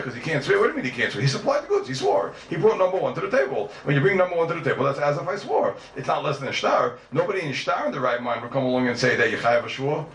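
A man races through a Talmud lesson, his pitch leaping up and down as he argues each point. He is heard from a distance in a roomy classroom, with faint ambience behind him. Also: fairly bright tone. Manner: rapid, questioning, sing-song give-and-take. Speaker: Talmud teacher. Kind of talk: animated Talmud class lecture.

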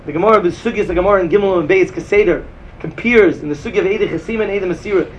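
Male Talmud teacher with a Yeshivish English accent; high, gravelly, sing-song delivery over a faint hiss. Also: very fast. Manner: sing-song, rising to emphatic bursts and dropping low. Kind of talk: yeshiva-style Talmud lecture.

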